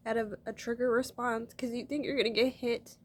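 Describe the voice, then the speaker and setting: A woman's voice: on the high side, level tone, a little fast. A young woman vlogger talking to her viewers in a heartfelt, earnest way, rambling and restarting her sentences. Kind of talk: emotional personal talk to camera.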